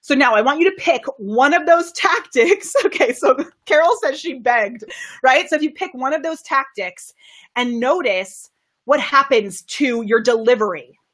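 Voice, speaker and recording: A bubbly, enthusiastic on-camera presentation coach runs a live video stream from her home studio, laughing often and reading viewer comments aloud. Her animated, slightly bright voice moves at a moderate pace, shifting in pitch and volume to demonstrate delivery tactics.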